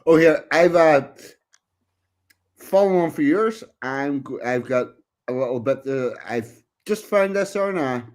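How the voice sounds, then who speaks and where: A man co-hosting a casual live-stream with a slightly raised pitch. He chimes in with short yeahs and laughs, then talks in loose, unhurried bits while fetching clips. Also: lively intonation, a little mellow. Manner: brief agreeing replies, laughing. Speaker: co-host. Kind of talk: casual chat.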